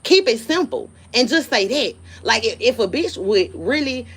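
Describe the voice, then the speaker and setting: A woman's voice: fairly high pitch, lively intonation, moderate pace, a bit bright, husky. A woman hosting a live stream, ranting in a blunt, profane, dismissive way and telling stories with animation. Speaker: livestream host. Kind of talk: casual live-stream rant.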